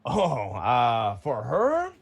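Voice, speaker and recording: A man voicing a scarred, boastful male arena champion in a tabletop game, speaking in a gruff, swaggering way. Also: medium pitch, huge pitch swings, very slow, heavily acted.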